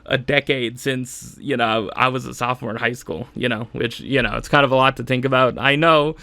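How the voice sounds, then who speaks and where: A man's voice: mid-range voice, steady tone, brisk, gravelly, sharp tone, no echo. A man in his mid-twenties hosting a solo podcast, rambling through an exasperated rant with lots of fillers. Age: mid-20s. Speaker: podcast host.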